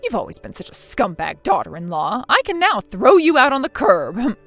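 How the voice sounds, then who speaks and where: Woman playing a harsh older mother-in-law, scolding, lively rising pitch, faint music behind. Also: normal speed, full character voice. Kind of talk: scripted text-message drama reading.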